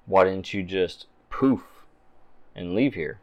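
A man voicing a calm, composed businesswoman who is questioning a prisoner in a tabletop game. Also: low voice, takes it slowly. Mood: cool, probing.

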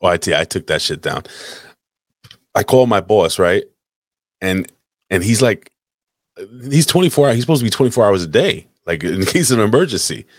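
A man's voice: lowish voice, sing-song, brisk, pauses often, no echo, clean studio sound. A man hosting a live podcast, telling a long rambling story in casual, crude chat with lots of swearing. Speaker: podcast host. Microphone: desk mic, live stream.

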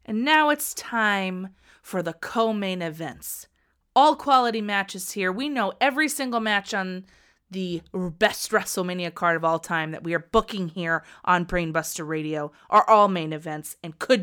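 A woman in her thirties hosting a podcast, bubbly and laughing, swinging from loud to soft. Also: fairly low pitch, measured pace, clean tone. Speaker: podcast host.

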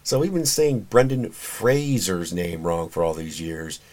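A man's voice: deep voice, unhurried, darkish tone. A man hosting a podcast in a casual solo commentary, chatty and opinionated, with plenty of fillers and restarts. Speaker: podcast host.

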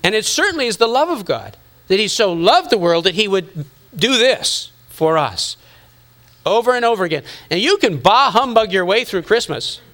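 Middle-aged guy pastor preaching, high bright voice, chatty, teases the crowd. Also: big pitch swings, normal speed. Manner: conversational, teasing the congregation, acting out inner voices. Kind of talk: sermon.

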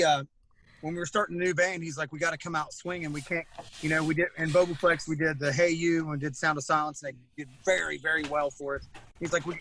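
A man's voice: fairly high pitch, sharp tone, slight background noise, rough recording. A man who sings in a band, telling stories in casual chat and laughing often. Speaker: singer in a band, guest.

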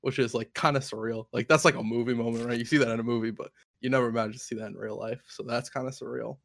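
Gravelly laid-back man on a podcast. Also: medium pitch, steady tone, fast, dry recording. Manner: laid-back, brief, filler-heavy replies. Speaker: podcast co-host. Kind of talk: casual podcast chat. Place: home in New York.

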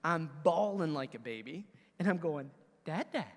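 High-voiced preaching man in a hall. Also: normal speed. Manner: energetic, conversational preaching with audience call-outs. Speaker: pastor. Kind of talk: sermon. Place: church sanctuary.

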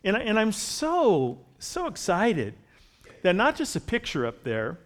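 A man's voice: high-pitched, wildly swooping pitch, unhurried. A man preaching a sermon in a conversational way, growing emphatic as he reads and explains scripture. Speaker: pastor.

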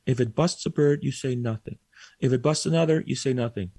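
A man quoting a blunt, gruff older male dog trainer who gives curt, profane orders. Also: medium pitch, brisk, warm tone, dry recording, close to an everyday voice. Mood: firm.

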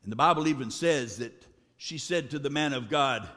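A man preaching a sermon dramatically, swinging between shouted lines and low, drawn-out words. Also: big-room sound.

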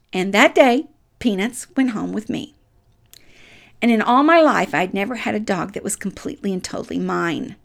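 Middle-aged American woman, gravelly fry, folksy first-person storyteller who drifts down to soft murmurs. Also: a little high.

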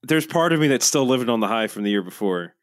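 A man's voice: mid-range voice, expressive, fast, no room sound. A man hosting a podcast, chatting in a jokey, rambling way. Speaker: podcast host. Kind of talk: casual chat.

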